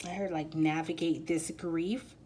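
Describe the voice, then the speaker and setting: A woman's voice: low voice, fairly even intonation, unhurried, dark tone, slight background noise. Rambling woman giving a card reading. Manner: rambling, hesitant, full of fillers. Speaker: tarot and oracle card reader. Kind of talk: casual spiritual reading.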